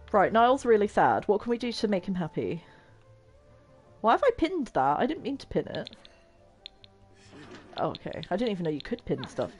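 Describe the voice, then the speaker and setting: A young woman chatting and giggling her way through a life-sim game as a streamer. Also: mid-range voice. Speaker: gaming streamer. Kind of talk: casual gameplay commentary.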